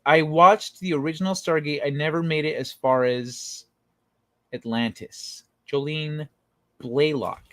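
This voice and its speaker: A man hosting a late-night livestream in a casual, meandering chat. He reads viewer comments aloud, laughs often and swears freely. His voice sits a little high, and it is recorded dry and close. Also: steady tone, a little slow, pushed and bright, dry recording. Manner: rambling, with frequent fillers and tangents. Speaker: livestream host.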